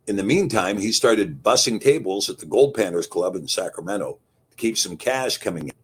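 A man narrating a story in a folksy, unhurried way. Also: lowish voice, expressive, slightly rough. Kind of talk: scripted narration.

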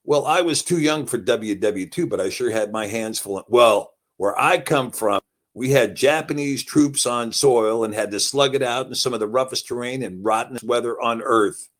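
A man's voice: medium pitch, moderate pace, natural voice. A man reading aloud and voicing a boastful, menacing cowboy prospector with a drawl. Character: gruff flamboyant male cowboy prospector.

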